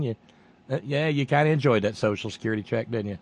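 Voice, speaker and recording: A man's voice: mid-range voice, fast talker, creaky. A man with a Southern American accent delivering a profane, sarcastic political rant as a commentator. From Southern United States. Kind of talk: monologue rant.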